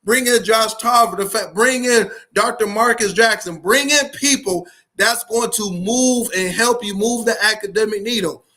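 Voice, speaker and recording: A man's voice: high-pitched, moderate pace, sharp tone. A man hosting a live talk, preaching with fiery repetition and slangy to his listeners. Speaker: podcast host, school leadership speaker. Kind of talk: live-streamed motivational talk.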